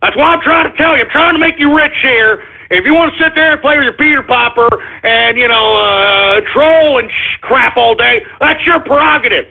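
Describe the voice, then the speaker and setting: Male radio host, high husky voice, excitable and flustered, tinny phone-like audio. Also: normal speed, few pauses. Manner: excitable, flustered, repeats apologies. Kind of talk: call-in radio monologue.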